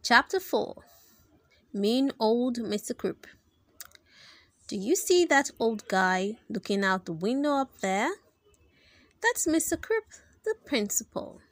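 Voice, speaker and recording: A woman reading a children's book aloud in an expressive, animated storytelling manner. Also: a little high, takes it slowly, pauses often, no echo.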